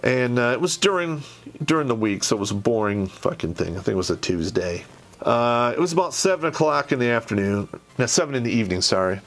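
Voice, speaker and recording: Casting note: male host, mid-pitched, profane and blunt, loose rambling storyteller with lots of fillers. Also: lively intonation, brisk, a bit bright. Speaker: podcast host telling army stories. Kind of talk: casual storytelling monologue.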